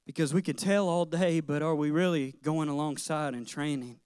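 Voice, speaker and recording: A man's voice: on the high side, steady tone, normal speed, a little mellow, smooth, dry recording, studio quality. A middle-aged man, a pastor, preaching a sermon in an earnest, personal way, telling childhood stories with light laughter.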